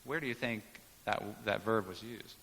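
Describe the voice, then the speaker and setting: A man's voice: lowish voice, moderate pace, a bit bright, long reverb tail, slight background noise. A man preaching a sermon, teaching in an emphatic way and explaining Greek words to the congregation. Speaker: pastor.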